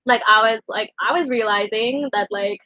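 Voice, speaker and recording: A woman's voice: a little high, moderate pace, no room sound, muffled recording. A young woman in her late teens rambling emotionally through a casual storytime vlog, full of fillers. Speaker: vlogger.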